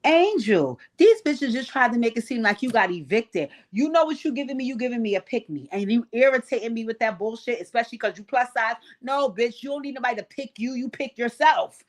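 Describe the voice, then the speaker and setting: A woman hosting a livestream, giving a blunt, profane, animated recap of reality TV. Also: on the high side, fast, hardly any pauses. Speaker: host.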